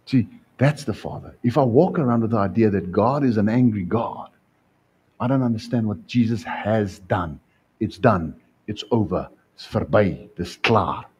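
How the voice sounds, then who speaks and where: A man preaching a sermon as a pastor in a church, animated, asking the congregation questions and acting out scenes. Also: on the low side, moderate pace, a little hiss or hum.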